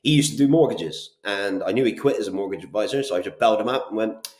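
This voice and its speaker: A man in his twenties with a Bristol accent, a guest on an interview show, telling stories in a brisk, animated way with casual swearing. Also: fairly low pitch. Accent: Bristol English. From Bristol, England. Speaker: guest, property business owner. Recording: roomy echo.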